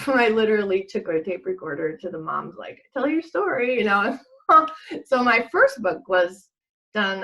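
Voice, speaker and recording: A woman's voice: mid-range voice, gravelly, pushed and bright, poor audio. A middle-aged woman, a guest in a casual chat, telling a rambling story, laughing often and acting out what people said.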